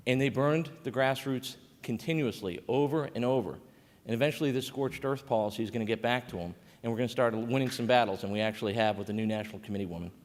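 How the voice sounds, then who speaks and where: A man giving a conversational conference panel talk as a state coordinator, with frequent fillers and restarts. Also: mid-range voice. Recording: reverberant conference hall.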